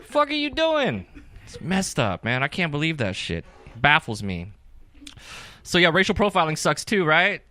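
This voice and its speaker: A young man works an open-mic crowd with loose, profane stand-up, constantly checking in with the room. His voice swings widely in pitch and has a bright, forward edge. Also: normal speed. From California. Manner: energetic, profane, keeps asking the crowd "right?". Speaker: stand-up comedian.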